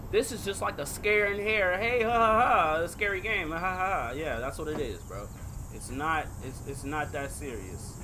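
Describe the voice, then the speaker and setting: Guy yelling through a horror game, voice bouncing all over, noisy home mic. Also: on the high side, lively intonation, moderate pace. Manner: jumpy, yelps and swears at scares, talks to viewers. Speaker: gaming video creator.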